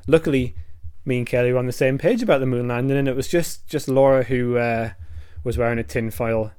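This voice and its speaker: A man looks back on old podcast episodes, relaxed and a little hesitant, with plenty of ums. His voice is at an ordinary pitch for a man. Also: brisk, smooth. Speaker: podcast co-host. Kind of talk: recapping past episodes.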